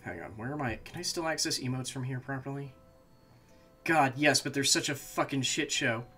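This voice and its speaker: While playing a game on stream, this man talks to himself in loose commentary, periodically exploding with frustrated curses. His voice is mid-range, husky and sharp, delivered at a moderate pace over quiet background music.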